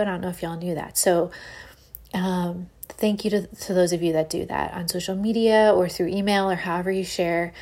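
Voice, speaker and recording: A woman, hosting a casual solo podcast in a chatty, animated way with Valley Girl-ish phrasing. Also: fairly low pitch. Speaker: podcast host.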